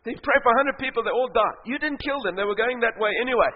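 A man preaching a sermon, telling stories in an animated, joking way and often laughing. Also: extremely high pitch, quick pace, a little hiss or hum. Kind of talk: sermon storytelling. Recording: echoey hall, dull sound.

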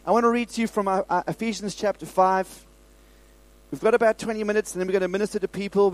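Animated preaching man, high-pitched voice. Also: rough recording. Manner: animated, repetitive preaching with stammered restarts. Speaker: pastor. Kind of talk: sermon. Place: church service.

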